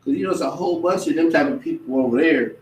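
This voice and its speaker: Man, somewhat high voice, animated casual teacher who slips into impressions, recorded far off in a roomy space. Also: fast. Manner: animated, mimics other people's voices. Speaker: religious teacher. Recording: echoey room, distant mic.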